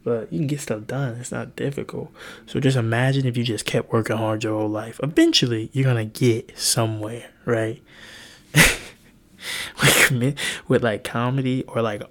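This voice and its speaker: A tired young man hosting a solo podcast, talking in a hushed, half-whispered way, rambling and swearing with little laughs. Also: medium pitch, fairly even intonation, normal speed. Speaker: podcast host. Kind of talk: solo late-night podcast monologue.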